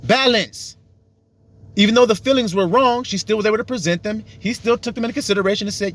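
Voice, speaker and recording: A man's voice: high-pitched, fast talker, fairly bright tone. A man giving a casual, profane sermon, acting out little dialogues to make his points. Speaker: religious teacher.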